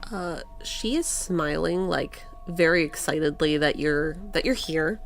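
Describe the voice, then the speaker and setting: A woman narrating as game master in a relaxed, unhurried way. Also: sits low, creaky, faint music behind.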